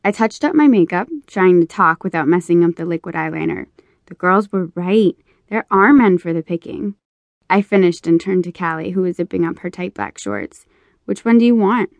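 A woman narrating a romance audiobook in the first person, with measured storytelling. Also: fairly low pitch, lively intonation, vocal fry, no echo.

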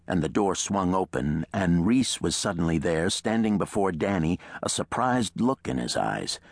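A man's voice: low-pitched, no room sound, clean studio sound. A man narrating a thriller audiobook in a dramatic, tense storytelling manner.

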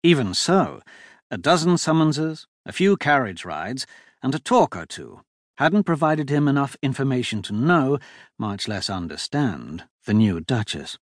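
Expressive male audiobook narrator. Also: medium pitch, dry recording, clean studio sound. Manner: expressive, measured storytelling. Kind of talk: scripted fantasy narration. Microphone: close studio mic.

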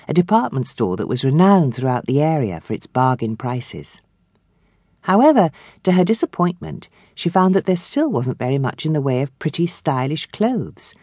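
A woman reading a novel aloud as an audiobook narrator, in measured storytelling, close to a studio mic. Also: sits low, very animated, a little mellow, dry recording. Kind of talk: scripted narration.

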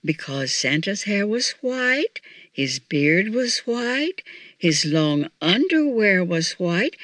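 Slow-reading woman storyteller. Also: a little high, a bit bright, no echo. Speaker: audiobook narrator. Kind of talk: children's story narration.

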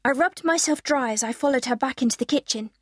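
A woman's voice: high-pitched, fast talker, dry recording, studio quality. A woman narrating a children's audiobook in the first person, telling it expressively.

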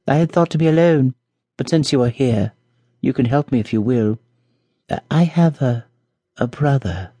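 A man's voice: mid-range voice, normal speed, pauses often, warm tone, slightly rough, no room sound, pitched above the performer's own voice, natural voice. A man voicing a beautiful young princess in distress, speaking in a raised, pleading way in a storybook reading.

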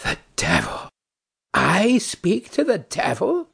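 A man's voice: sits high, huge pitch swings, slow pace, creaky, fairly bright tone, breathy edge, exaggerated voice. A man reading a play aloud, voicing a proud, indignant noblewoman who speaks primly and insists on her due. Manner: prim, affronted, insistent questioning. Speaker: audiobook narrator.

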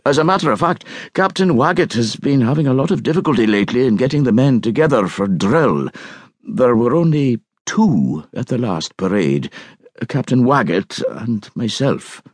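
A man playing a shy, awkward bank agent who speaks haltingly and gloomily. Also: medium pitch, expressive, breathy edge, no echo, voice pushed up. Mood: gloomy.

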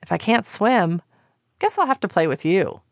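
A woman's voice: mid-range voice, very animated, normal speed, no room sound, studio quality. A woman voicing an affectionate, teasing young husband in an audiobook. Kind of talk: audiobook character reading.

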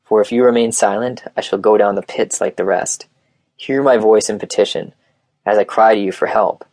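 A man's voice: fairly low pitch, fairly even intonation, moderate pace, a little mellow, dry recording. A man voicing a guarded, hurting teenage girl who answers in a curt, reluctant way.

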